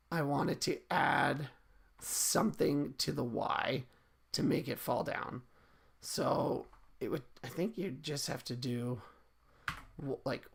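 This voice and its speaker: A man's voice: medium pitch, creaky, slightly rough. A man casually coding on a live stream, thinking aloud and often correcting himself mid-sentence as he chats with viewers. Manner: relaxed and chatty with viewers. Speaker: streamer teaching game coding. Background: keyboard typing and clicks.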